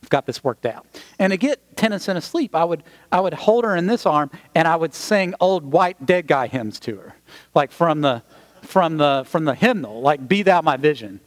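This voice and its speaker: Male preacher, fairly high voice, chatty sermon storytelling with quick asides. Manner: conversational, animated storytelling with asides to the congregation.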